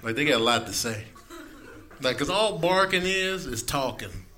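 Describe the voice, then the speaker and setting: A man's voice: mid-range voice, lively intonation, moderate pace, pushed and bright. Laid-back male stand-up comic. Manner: laid-back, conversational observational humor. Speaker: stand-up comedian. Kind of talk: stand-up comedy. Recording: noisy live recording.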